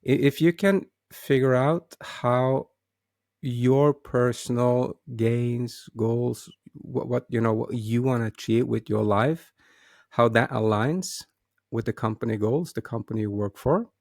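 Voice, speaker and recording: Guy hosting his own talk show, gravelly voice, lots of restarts, dry close mic. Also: mid-range voice, measured pace, darkish tone, no room sound. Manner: hesitant, many restarts and repeated words. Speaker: host. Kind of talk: casual solo talk.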